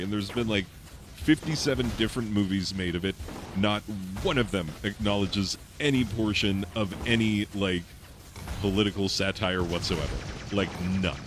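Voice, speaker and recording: Rambling low-voiced man over gunfire. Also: normal speed, slight background noise. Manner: rambling, filler-heavy, laughs often. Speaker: high school English teacher playing a game on stream. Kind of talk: casual commentary while gaming. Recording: game gunfire and explosions behind the voice.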